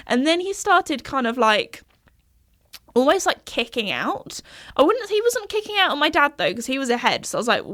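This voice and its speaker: Her voice is fairly high and sing-song, fairly quick and fairly bright, as this young woman hosts a podcast. She rambles through a casual chat, laughing often.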